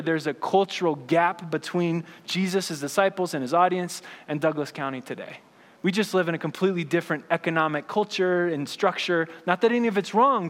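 A high-voiced male pastor delivering a sermon in a loose, conversational style, peppering his points with quick questions to the room. His voice carries a long reverb from a church sanctuary. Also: fairly bright tone. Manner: conversational, frequent "right?" and "like".

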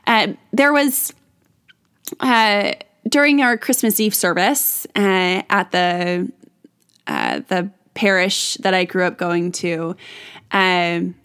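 A woman's voice: mid-range voice, a bit bright, clear, resonant tone. A woman hosting a podcast in a casual solo monologue, rambling with many restarts and frequent laughs. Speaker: podcast host.

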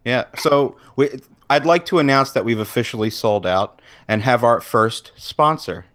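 A man in a casual podcast chat, co-hosting with friends. He keeps an easy, unhurried manner and laughs lightly between points. He speaks close to a handheld microphone. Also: medium pitch, expressive, a bit bright. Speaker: podcast co-host. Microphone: handheld USB microphone.

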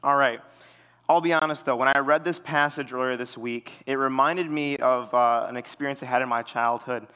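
Young man, casual sermon, bright tone, loose and chatty, lively when telling stories. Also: mid-range voice, normal speed, clean tone. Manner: relaxed, filler-heavy storytelling; animated when retelling stories. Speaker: preacher.

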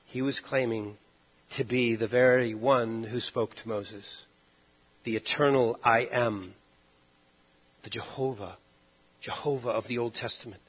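A man preaching a sermon, driving points home with loud stresses and then dropping to hushed, low lines. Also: slightly rough, dull audio.

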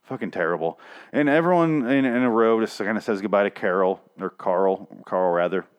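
Young male recapper, lowish voice, rambling sarcastic delivery with lots of swearing. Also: clear, resonant tone, lo-fi sound. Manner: rambling, sarcastic, swears often, mocks characters in quick put-on voices. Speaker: TV episode recapper. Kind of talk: casual profane episode recap.

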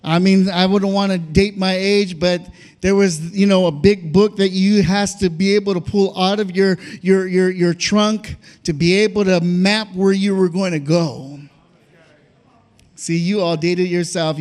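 High voiced preacher guy, lots of uh's, shouts and kinda sings his sermon. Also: steady tone, measured pace. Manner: preaching with frequent "uh" and shouted, sing-song peaks. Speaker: pastor.

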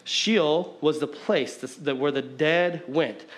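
A man's voice: on the high side, takes it slowly. A man in his thirties preaching a casual sermon as pastor, talking conversationally with lots of "like" and jokey asides. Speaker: pastor and youth basketball coach.

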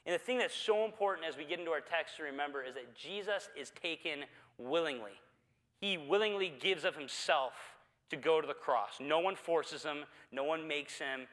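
Bright-voiced preaching man in a reverberant hall. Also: on the high side, normal speed. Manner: conversational preaching with frequent "uh" fillers. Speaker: pastor. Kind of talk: sermon.

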